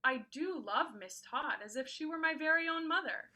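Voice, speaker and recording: A woman's voice: high voice, expressive, moderate pace, sharp tone, full character voice. A woman acting a dreamy, lovestruck young maid confiding in an interviewer. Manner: confiding, coy.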